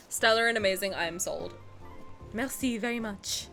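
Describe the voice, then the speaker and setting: A woman's voice: medium pitch, moderate pace, bright, forceful tone, soft background music. A young woman streamer chatting casually with her viewers as she reacts, gushing and often breaking into laughter.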